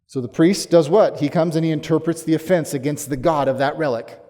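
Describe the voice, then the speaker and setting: A man preaching a sermon as pastor, emphatic, rising to forceful challenges and then dropping low. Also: brisk. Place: church sanctuary. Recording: long hall reverb.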